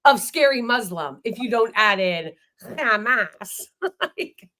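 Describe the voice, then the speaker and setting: A woman's voice: fairly high pitch, animated, a little slow, sharp tone. An American woman hosting a casual political chat, blunt and heated, swearing freely. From United States. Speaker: host.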